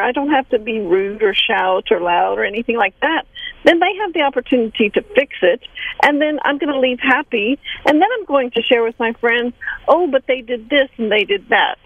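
A woman's voice: fairly high pitch, normal speed, no room sound. Hesitant woman on a tinny phone line. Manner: hesitant, with fillers and laughs. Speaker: caller. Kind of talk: casual phone-in chat.

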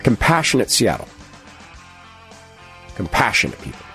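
A man hosting a radio show, telling a personal story in an earnest, halting way and acting out the dialogue. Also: on the low side, huge pitch swings, bright, forceful tone, soft background music. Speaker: radio host.

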